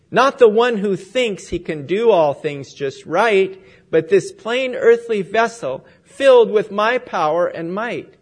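A man voicing a gentle master who chooses a broken clay vessel, in a spoken poem. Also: high voice, heavily acted. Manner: gentle, kindly.

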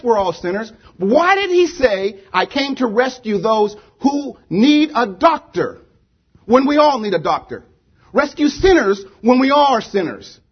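A man's voice: very high-pitched, breathy edge, dull audio. A man preaching a sermon to a congregation, emphatic, repeating rhetorical questions. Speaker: pastor. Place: church with a congregation.

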